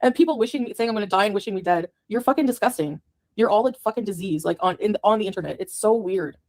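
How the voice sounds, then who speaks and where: A woman's voice: medium pitch, quick pace, darkish tone. A woman in a played clip delivering an angry, profane rant to the camera, scornful and cursing at her critics.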